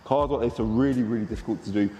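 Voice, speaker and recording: A man, a car dealer chatting excitedly to camera in a casual walkaround vlog. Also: medium pitch, racing, big-room sound, soft background music.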